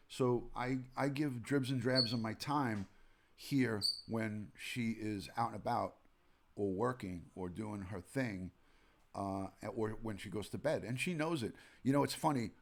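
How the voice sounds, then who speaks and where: Gravelly New York man chatting live. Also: mid-range voice, unhurried, background noise. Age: 40s. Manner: rambling, chatty, greets viewers by name mid-story. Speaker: livestream host, retired detective. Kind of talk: casual live-stream chat. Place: home at night.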